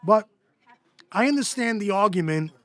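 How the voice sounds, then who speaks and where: A man with a fairly high voice interviews his guest in an easy, chatty way, leading with questions and nodding along. His voice is dry and close, without room echo. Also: animated, moderate pace, a bit bright. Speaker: producer, interviewer. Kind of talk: casual interview chat.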